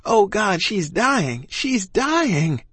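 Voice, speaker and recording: A desperate young boy, voiced by a man, pleads in a high, shrill voice that climbs far above a normal speaking pitch. The sound is dry and close, with no room around it. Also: lively intonation, normal speed, slightly rough, no echo. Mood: frantic.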